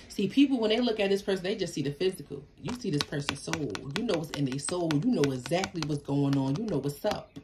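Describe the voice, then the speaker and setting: A woman's voice: lowish voice, fast talker, few pauses, slight background noise. A woman giving a casual tarot reading, talking emphatically to viewers. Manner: animated, emphatic, talks back to the cards. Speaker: tarot reader.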